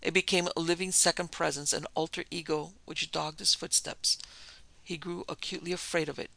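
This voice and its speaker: A man narrating a classic story as an audiobook, measured and even. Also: a little high, vocal fry, no room sound, low-quality recording.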